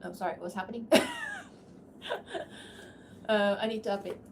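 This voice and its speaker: A woman's voice: mid-range voice, fairly even intonation, normal speed, heavy background noise. A young woman chatting casually on a livestream as a voice actor, laughing often and reacting to the comments. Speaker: voice actor streamer. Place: at home, seated.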